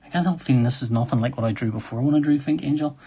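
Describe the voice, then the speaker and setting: A man with a mellow, husky, medium-pitched voice talks very fast while hosting a live drawing stream. He chats casually as he sketches, rambling and poking fun at himself, and reads viewer comments out loud.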